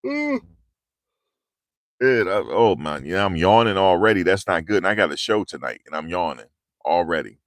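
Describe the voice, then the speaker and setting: His low-pitched voice swoops wildly in pitch at a moderate pace as he hosts a livestream, loosely joking and replying to viewer comments. The man is from the New York tri-state area and uses a handheld lavalier clip mic, with studio-quality audio and no room sound.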